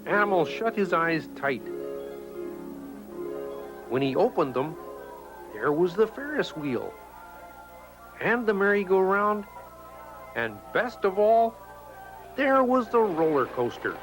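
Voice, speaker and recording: A man narrating a children's storybook in an expressive, scripted read-aloud style. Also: high-pitched, takes it slowly, long pauses, soft background music, poor audio.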